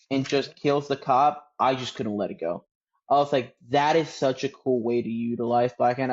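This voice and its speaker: A man co-hosts a podcast in an easy, reflective way, talking through his views at length. His voice sounds a bit dull and muffled, as if on a modest mic. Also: mid-range voice. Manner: thoughtful, steady, explains his opinions at length. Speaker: podcast co-host. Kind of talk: casual chat.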